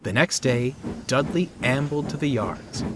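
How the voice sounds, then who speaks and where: A man narrating a train story in a measured, expressive reading voice. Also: mid-range voice, background noise. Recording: music under the narration.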